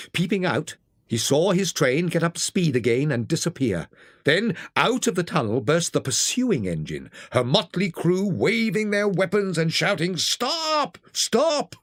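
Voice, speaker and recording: An audiobook narrator reading a classic children's story in an expressive, theatrical way. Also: medium pitch, a little slow, slightly rough, no room sound, clean studio sound.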